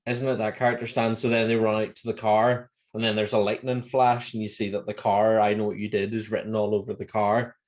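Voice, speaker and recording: A Northern Irish man co-hosting a podcast in casual chat, laughing often and acting out lines in high voices. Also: little pitch movement, fairly quick, hardly any pauses. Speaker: podcast co-host.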